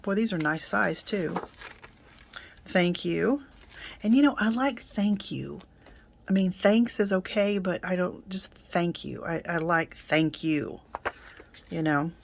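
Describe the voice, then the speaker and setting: A middle-aged woman reviewing and unboxing a craft kit in a casual, chatty way, with many ums and soft asides. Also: lowish voice, slow pace, gravelly, long pauses, a little hiss or hum.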